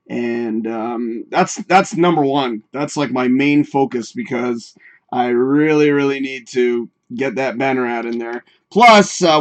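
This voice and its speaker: Profane rambling streamer man. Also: fairly high pitch. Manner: profane, rambling, talks to himself while working. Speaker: livestream host. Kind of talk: casual live-stream chat.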